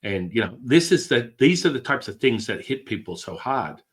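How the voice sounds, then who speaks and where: A middle-aged man, a guest, telling stories with excitable energy and casual swearing. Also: medium pitch, normal speed. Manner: excitable, swears, acts out quotes in other voices. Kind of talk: animated storytelling.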